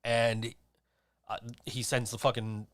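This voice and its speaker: A man's voice: medium pitch, level tone, slow, fairly bright tone, dry recording. A man hosting a podcast in casual chat, rambling and swearing, laughing often. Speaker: podcast host.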